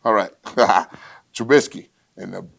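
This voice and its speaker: A man in his forties hosting a solo sports podcast rundown, loud and swaggering, talking trash straight to his listeners. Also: on the low side, measured pace, creaky. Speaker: podcast host.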